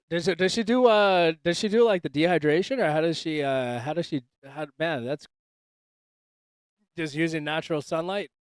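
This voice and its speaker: A man's voice: a little high, normal speed, clear, resonant tone, no echo. A man hosting a casual livestream chat, joking loosely and swearing, calling everyone dude and bro. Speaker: livestream host. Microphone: desk microphone.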